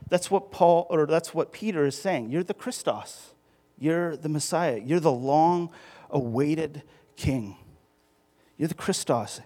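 A man's voice: on the high side, darkish tone. A male pastor giving a sermon in a conversational style, with restarts and emphatic rises.

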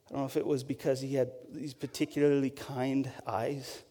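A man's voice: medium pitch, level tone, normal speed, warm tone. A man, a pastor, telling a candid, self-deprecating personal story as a sermon. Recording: long hall reverb.

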